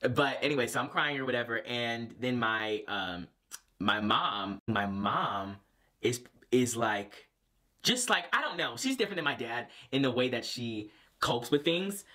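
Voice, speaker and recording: A man's voice: medium pitch, lively intonation, measured pace, pushed and bright. A young man vlogging, casually telling a personal story with lots of fillers and restarts.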